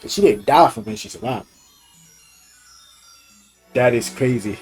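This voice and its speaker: A young woman commenting on a story game as she plays, expressive and casually swearing. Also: very deep voice, normal speed, pauses often, husky, faint music behind. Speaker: gaming YouTuber. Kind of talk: let's play commentary.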